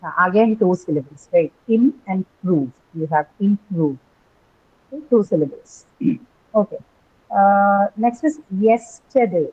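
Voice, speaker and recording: Woman teacher, husky and mellow, patient explainer, muffled audio. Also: medium pitch, a little slow. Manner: patient, explains step by step with many ums and rights. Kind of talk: online English phonetics class.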